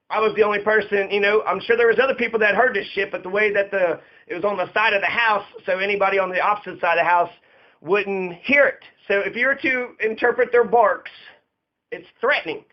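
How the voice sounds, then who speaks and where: Guy with a high voice ranting and cussing a lot, hammering his points over and over, dull lo-fi sound. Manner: profane, emphatic and repetitive. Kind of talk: casual ranting monologue. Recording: dull lo-fi recording.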